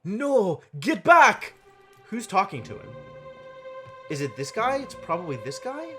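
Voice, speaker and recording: A man streaming a game live, puzzling aloud in an animated, exclaiming way on a desk microphone. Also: high-pitched, moderate pace, soft background music.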